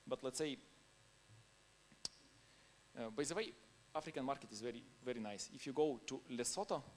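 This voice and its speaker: In non-native English, a man presents at a conference in a loose, story-driven style, laughing here and there between points. His pitch is medium and his speed normal, with slight hiss or hum on the recording.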